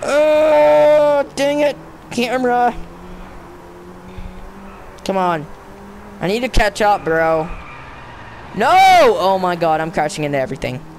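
A young man with a high voice narrates his own racing game in a casual let's-play, talking to the game and to himself in slang full of "dude" and "bro." He's excitable and easily frustrated, bursting into yelling, though his pace is measured with long pauses. A little hiss or hum sits under the audio.

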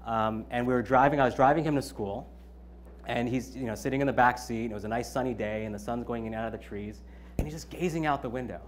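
A man's voice: medium pitch, slight background noise. A man in his thirties giving an opening keynote at his own event, conversational, with many ums and you-knows. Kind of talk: conference keynote speech.

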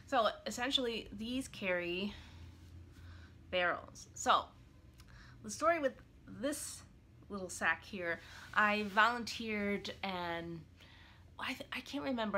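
A woman's voice: medium pitch, bright, forceful tone. Young adult woman, casual show-and-tell vlogger, chatty with frequent ums. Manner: chatty, many fillers and restarts. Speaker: clarinetist showing her gig bag. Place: apartment.

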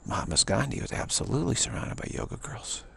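A man telling a rambling spiritual story in a halting way, often repeating words and restarting. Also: mid-range voice, very animated, gravelly, a bit bright, slightly rough.

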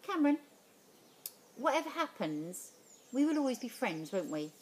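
A woman voicing a loyal, protective schoolboy friend in a storybook read-aloud, brisk and loud. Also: high-pitched, very animated, slight background noise, voice pushed up. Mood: earnest.

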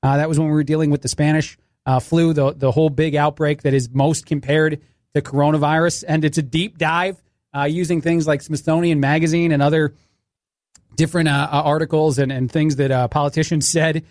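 A man's voice: a little high, level tone, a little fast, darkish tone, no room sound, clean studio sound. A man filling in as a radio talk show host, rambling sarcastically through a casual monologue. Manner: sarcastic, rambling, restarts often.

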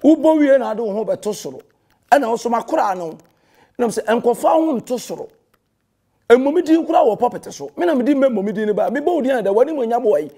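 A Ghanaian pastor delivers a heated, confrontational rebuttal, scolding a rival and mixing in English phrases. His voice is very high-pitched, animated and brisk, with a dark tone.

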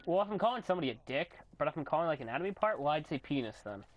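A young man giving rambling, goofy commentary while recording his own game, often bursting into yells and silly voices. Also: a little high, big pitch swings, rapid-fire, heavy background noise. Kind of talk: gameplay commentary.

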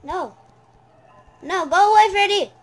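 A woman giving jumpy, exclaiming commentary while playing a horror game, often yelling at the characters. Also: very high-pitched, unhurried, soft background music, rough recording. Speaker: gamer.

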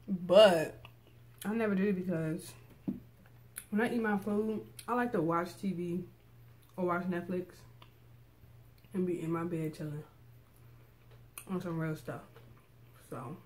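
A woman's voice: on the low side, slight background noise. A young woman, chatting casually to her viewers while eating, sometimes with her mouth full. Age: young adult. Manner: chatty, laid-back, talks with mouth full. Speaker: vlogger. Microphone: camera set up in front of her.

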